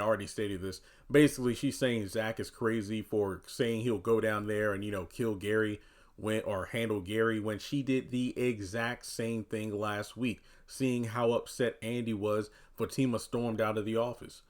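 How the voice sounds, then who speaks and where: A man giving casual commentary on a TV episode, talking loosely with lots of "you know" and "uh". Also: on the low side. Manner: animated voicing of quoted characters. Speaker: TV recap commentator.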